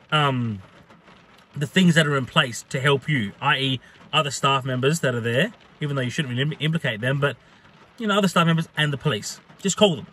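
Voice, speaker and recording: A man and hospitality worker telling a profane, animated story in a casual vlog. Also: a little high, husky.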